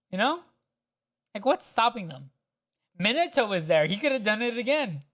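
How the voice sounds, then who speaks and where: A man co-hosting a laid-back podcast, talking with lively energy. He acts out little scenes in quick quoted voices and swears casually as he goes. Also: high voice. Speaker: podcast co-host. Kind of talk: casual chat.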